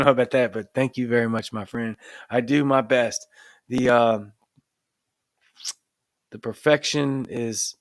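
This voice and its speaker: A man's voice: medium pitch, no room sound. Man, Cajun accent, livestream host, earnest, repeats for emphasis, dry close mic. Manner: earnest, repeats himself, restarts phrases, builds to emphatic points. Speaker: host of a live show. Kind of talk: casual livestream talk, reading viewer comments. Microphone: desk microphone in front of camera.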